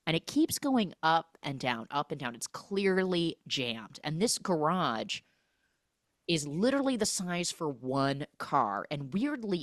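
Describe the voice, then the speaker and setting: A young woman hosting a comic film-recap podcast, telling the story with lively asides and acting out the characters' lines in exaggerated voices. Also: low voice, dry recording, clean studio sound. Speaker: podcast host recapping films.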